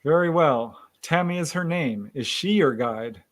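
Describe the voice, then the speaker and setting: A man guides a hypnosis session with calm, gentle questions. His voice sits a little higher than most men's, and he keeps his prompts short and patient. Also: unhurried. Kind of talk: replaying a hypnosis session recording.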